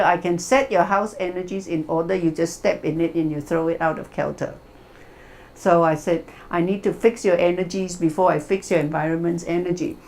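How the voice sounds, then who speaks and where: A woman leading a wellness workshop as a hypnotherapist, telling stories and acting out the voices of the people in them. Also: mid-range voice. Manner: animated, acts out the people in her stories. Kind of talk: wellness workshop talk with storytelling.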